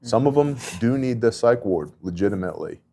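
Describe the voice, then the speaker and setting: A man's voice: fairly low pitch, animated, brisk, gravelly, warm tone, a little hiss or hum. A middle-aged man in casual faith talk, telling relief-work stories in an earnest, conversational way with many asides. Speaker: podcast host and disaster relief volunteer.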